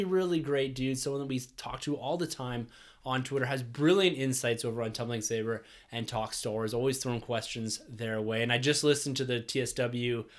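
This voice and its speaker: A man hosting a podcast, chatting earnestly and enthusiastically with his co-hosts and thanking listeners. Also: mid-range voice. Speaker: podcast host. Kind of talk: casual podcast chat.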